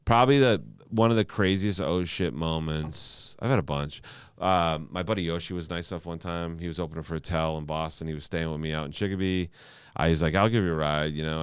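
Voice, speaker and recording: Male stand-up comic guest, very low voice, smooth and clean, dry close mic, rambling animated anecdotes with swearing. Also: no room sound. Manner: animated storyteller, stammering restarts, frequent swearing. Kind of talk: casual podcast storytelling.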